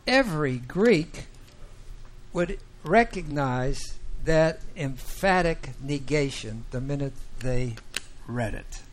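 Slow, halting man teaching the Bible. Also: a little high, slight background noise. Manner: slow, halting, with many fillers and restarts. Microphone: microphone that sometimes cuts out.

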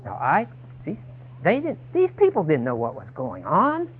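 A man's voice: on the high side, wildly swooping pitch, moderate pace, husky, phone-quality sound. A man preaching a sermon, emphatic and dramatic, voicing the people he quotes.

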